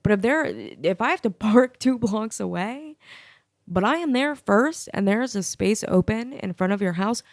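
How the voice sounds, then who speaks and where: A woman's voice: mid-range voice, expressive, normal speed, no room sound, studio quality. A young woman hosting a solo podcast, telling a profane, sassy story. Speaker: podcast host.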